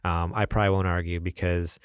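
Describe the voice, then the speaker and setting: A man's voice: low-pitched, flat delivery, fairly quick, clean tone, dry recording, studio quality. A young adult man co-hosting a gaming podcast, laid-back and chatty, laughing often and reading news with lots of ums. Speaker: podcast co-host. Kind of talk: casual podcast chat.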